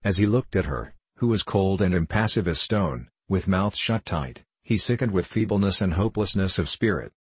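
An audiobook narrator, a man, reads scripted narration from a novel in a measured, even storytelling voice. His pitch is very low, with a husky, breathy grain, and the recording is close and dry with no room sound.

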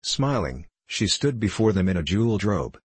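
Deep husky male storyteller. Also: big pitch swings, normal speed, no echo. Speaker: narrator. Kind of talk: audiobook narration.

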